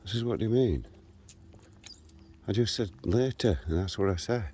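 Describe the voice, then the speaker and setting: A man's voice: on the low side, normal speed, slight background noise. A man, telling a story about an argument while walking outdoors. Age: 60s. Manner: animated, re-enacts a street argument. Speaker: vlogger. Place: outdoors, walking through a local park and streets.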